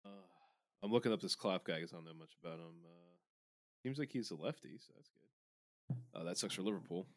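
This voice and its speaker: A man's voice: sits low, fairly quick, long pauses, dry recording, studio quality. A man co-hosting a podcast, trading loose, swearing banter with lots of fillers. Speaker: podcast co-host. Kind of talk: casual chat.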